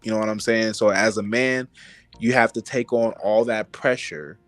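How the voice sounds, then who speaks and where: A man's voice: fairly low pitch, fairly even intonation, moderate pace, dry recording, soft background music. A man making earnest points on a panel chat, often repeating himself. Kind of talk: casual chat.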